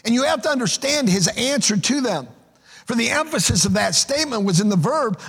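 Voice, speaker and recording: A man with a high, husky voice delivers an emphatic sermon from the pulpit. He often stumbles back over the first word of a phrase as he presses his point. His voice rings out with the long reverb of a large church hall. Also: lively intonation, normal speed, a bit bright. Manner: emphatic preaching, repeats words at starts of phrases. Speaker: pastor.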